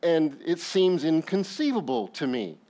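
A man's voice: fairly high pitch, sing-song, measured pace, mellow. A male pastor preaching a sermon, telling the story with jokes and acted asides.

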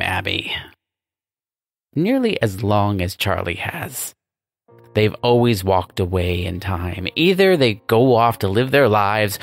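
A man voicing a pompous, self-praising male demon boss who talks down to his nephew in a grand, drawn-out way. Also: lowish voice, creaky.

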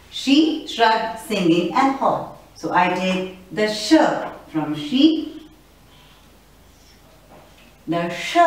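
A woman teaching beginners, patiently spelling out letter strokes and sounds one by one. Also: medium pitch. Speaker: Hindi teacher. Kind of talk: slow step-by-step lesson at a board. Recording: distant echoey room.

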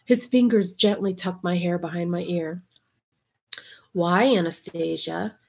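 A woman giving an intimate reading aloud, soft and half-whispered, breaking off for wry, cursing asides. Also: lowish voice, moderate pace, husky. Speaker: reader and commentator.

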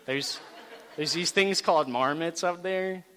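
A man telling a story in a casual, animated way to a campus gathering, with lots of fillers and asides. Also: fairly high pitch, a little slow, a faint crowd. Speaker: campus ministry speaker. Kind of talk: storytelling sermon talk. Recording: reverberant hall.

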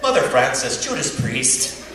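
A man performing a stand-up comedy routine, playfully rattling off a rapid list of mild swear words. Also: mid-range voice, very animated. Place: live comedy venue with audience. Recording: echoey stage audio from far off, loud crowd laughter and noise. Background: laughing audience.

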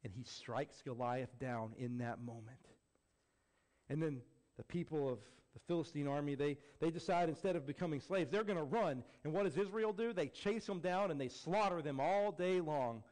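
Male pastor, sermon, fairly high voice, swings from emphatic to low and quiet. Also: moderate pace. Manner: rising to emphatic peaks, then dropping low and quiet; acts out quoted voices with jokey flair.

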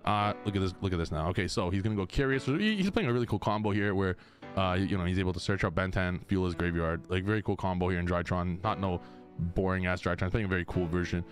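A man in a casual vlog, commenting on card game play, excitable, swearing a lot, hyped and exasperated. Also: low voice, fast, faint music behind. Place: card game store at a local tournament.

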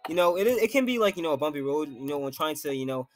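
A young man with a slightly high voice chats casually while he plays a game, rambling and filling his speech with little asides. His talk comes across as heartfelt. Soft music plays underneath. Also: expressive, quick pace, no room sound. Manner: rambling, heartfelt, many fillers. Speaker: gaming YouTuber. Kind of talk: casual gameplay commentary.

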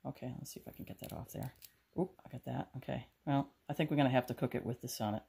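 Excitable low-voiced woman. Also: quick pace, gravelly, breathy edge, rough recording. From United States. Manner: chatty, excitable, lots of exclamations. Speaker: home and garden vlog host. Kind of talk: casual vlog chat while cooking. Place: home kitchen.

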